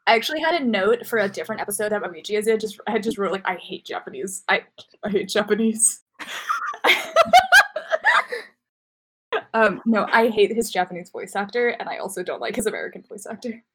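A young woman co-hosting a casual chat, relaxed and opinionated, with lots of filler words. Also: medium pitch, very fast, few pauses. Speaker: podcast co-host. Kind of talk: casual chat about anime.

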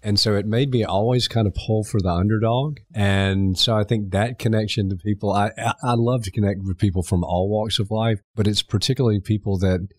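A middle-aged man from Canada, a former mayor, talking earnestly as a podcast guest, halting and restarting his sentences. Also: fairly low pitch, fairly even intonation, no echo, clean studio sound. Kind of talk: conversational interview.

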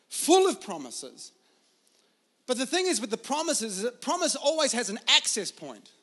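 Preaching with an Australian accent, this pastor tells stories casually and chattily, using plenty of filler words throughout his sermon. His voice is high-pitched, bright, and forceful.

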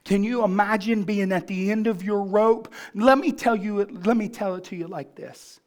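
High-voiced man preaching a sermon. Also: moderate pace. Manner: preaching with rising fervor, asks the congregation questions. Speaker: pastor.

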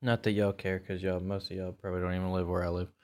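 Male podcast host with a lowish voice; relaxed, rambling solo chat full of ums and uhs. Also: quick pace, smooth. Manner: rambling and laid-back, with many fillers.

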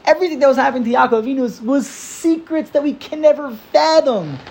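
Guy putting on a fretful poor man, high and whiny, arguing back. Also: animated, fast talker, vocal fry, a little mellow, heavily acted. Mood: protesting. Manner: protesting, rising whine.

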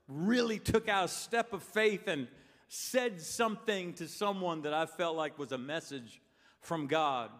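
A man's voice: sits high, a bit bright. An older man preaching a sermon in a church, telling stories and asking the crowd questions. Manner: storytelling, asks the crowd questions. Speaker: pastor. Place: church sanctuary. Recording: long reverb of a big hall.

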